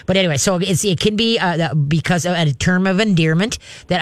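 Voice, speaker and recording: A man's voice: sits high, brisk, no echo. A man hosting a call-in radio show, giving folksy, chatty pet advice and demonstrating with growls.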